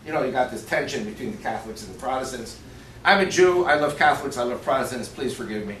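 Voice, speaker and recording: A man's voice: mid-range voice, animated, fast talker, a bit bright, a little hiss or hum. A man speaking as a guest lecturer to a club audience, emphatic and conversational, often putting questions to the listeners. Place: banquet room of a shooting sports store. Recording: echoey room, far-off mic, faint ambience.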